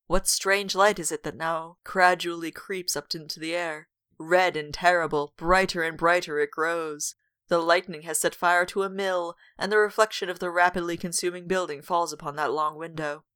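Woman reading gothic horror aloud, lowish voice. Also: steady tone, normal speed, a bit bright, smooth. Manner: dramatic read-aloud broken by wry asides.

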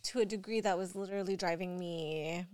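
Chatty young mom, smooth voice. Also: female voice, fairly low pitch, fairly quick, no echo. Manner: rambling, animated, many fillers. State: drowsy from allergy medicine. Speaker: mother of young kids. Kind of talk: casual storytelling vlog.

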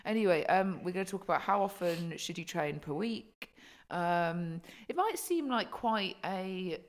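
A woman's voice: lowish voice, animated, a little slow. Sweary chatty woman podcast co-host. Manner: sweary, chatty, lots of ums. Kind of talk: casual podcast chat.

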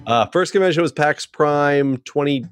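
A man's voice: on the high side, moderate pace, clean tone, dry recording, clean studio sound. A man chatting as a guest on a podcast, laughing easily and teasing the host. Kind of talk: casual podcast chat.

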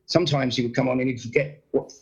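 A man from England chats casually, his voice gravelly with a rough, husky edge. He is an animated storyteller who slips into the voices of the people in his tales. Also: medium pitch, fast talker, lo-fi sound. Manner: animated storyteller, acts out quotes. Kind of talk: casual chat, anecdotes.

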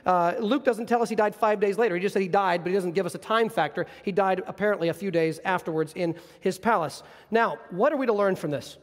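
A man's voice: sits high, fast, hardly any pauses. A male pastor delivering a sermon in an earnest, explanatory way, with frequent restarts, in a church. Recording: long reverb of a large hall.

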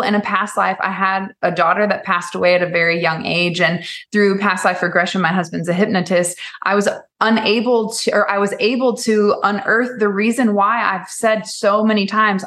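A woman speaks as a podcast guest, animated and unguarded. She swears freely and acts out quoted voices in her stories. Her pitch sits in the ordinary middle range for a woman. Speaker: guest, salon owner and coach. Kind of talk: casual podcast interview.

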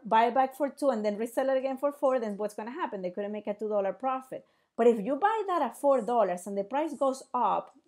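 A woman teaching in a casual explainer style, animated and asking rhetorical questions, acting out little dialogues. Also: high voice.

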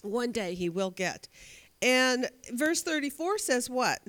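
A woman's voice: a little high, sing-song, slow, fairly bright tone, slight background noise. A woman leading a Bible study lesson, asking her class questions and answering them herself, often repeating words as she thinks aloud. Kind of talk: interactive Bible class teaching.

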